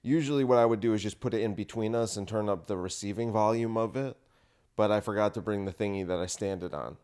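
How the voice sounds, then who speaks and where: A man's voice: on the low side, fast talker, darkish tone. A man hosting a casual podcast chat, rambling and sarcastic, recorded on one handheld recorder. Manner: rambling, sarcastic, restarts his sentences. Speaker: podcast host. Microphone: single handheld recorder.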